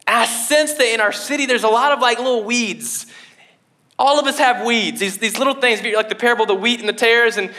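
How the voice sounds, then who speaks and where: A young male pastor delivers a sermon in a loose, conversational style. His voice sits high and sounds bright and bold. He talks in an animated way and peppers his speech with fillers. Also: fairly quick. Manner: casual, animated preaching with many fillers.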